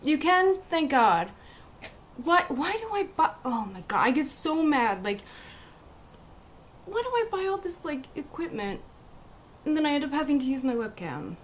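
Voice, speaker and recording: A young woman talking casually to her live stream viewers through a webcam. Her voice sits fairly high, and she swears and stumbles over false starts. A faint room hum runs underneath. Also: very animated. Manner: frustrated, swearing, halting restarts. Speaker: livestreamer.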